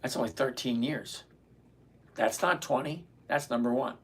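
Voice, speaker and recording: A man's voice: mid-range voice, normal speed, fairly bright tone, husky. A man in his sixties hosting a casual live stream, blunt and ranting, greeting viewers by name. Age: 60s. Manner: blunt, ranting, self-mocking.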